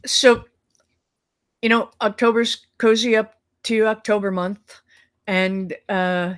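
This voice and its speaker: With a mid-range voice, fairly even intonation, and a slow pace, this middle-aged woman co-hosts a live video-call talk show. Her casual chat rambles, with fillers and frequent restarts.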